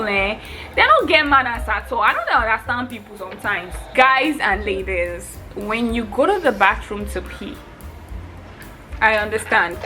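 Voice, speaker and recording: A young woman vlogger ranting casually about bad manners, animated and exasperated, breaking into laughter often. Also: mid-range voice.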